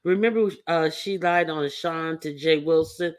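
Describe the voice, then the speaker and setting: A woman's voice: low voice, a little slow. A woman hosting a casual livestream panel chat, talking in a loose, joking, drawling way. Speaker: livestream host.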